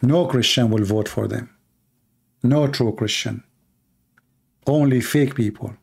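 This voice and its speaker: A Christian preacher from the Middle East with an Arabic accent delivers a fiery political sermon in short, punchy, repeated lines of emphatic exhortation. His mid-range voice is slow, creaky, and has a breathy edge.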